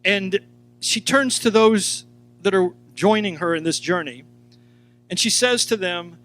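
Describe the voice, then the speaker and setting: A man teaching a sermon, animated, acting out quoted lines and speaking straight to his listeners. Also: high-pitched, unhurried, a little hiss or hum. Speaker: Bible teacher.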